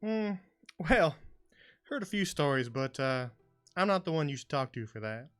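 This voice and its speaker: A man's voice: fairly high pitch, big pitch swings, normal speed, fairly bright tone, clean tone, faint music behind. A man voicing an evasive, folksy middle-aged innkeeper with a put-on Southern drawl, hesitant and rambling.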